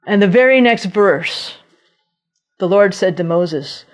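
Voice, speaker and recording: A woman preaching a sermon, telling Bible stories in an animated way and acting out the voices of the people in them. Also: medium pitch, slow pace. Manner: animated storytelling, acting out voices of biblical figures.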